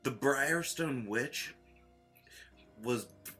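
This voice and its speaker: A man playing a tabletop game, explaining background lore in a measured way. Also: mid-range voice, sharp tone, faint music behind. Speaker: player. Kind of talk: casual tabletop game chat.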